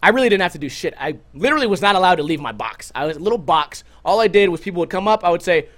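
A young man with a high-pitched voice, hosting a livestream and telling stories to his chat. He swears constantly and jumps into loud, animated outbursts when he quotes people. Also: racing. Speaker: livestream host. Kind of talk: casual profane storytelling to a stream chat.

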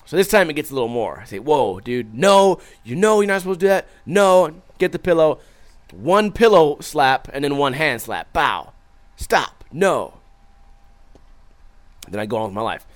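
With a slightly high voice at a moderate pace, a young man chats on stream, cursing casually, reading viewers' comments, and acting out his stories with lots of animation.

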